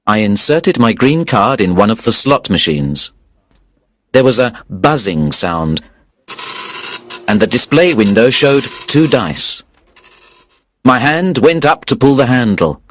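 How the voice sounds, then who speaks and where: Mężczyzna powoli czyta opowiadanie. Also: male voice, lowish voice, no room sound, clean studio sound. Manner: slow, clear, expressive reading. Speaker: narrator. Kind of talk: first-person story narration for learners.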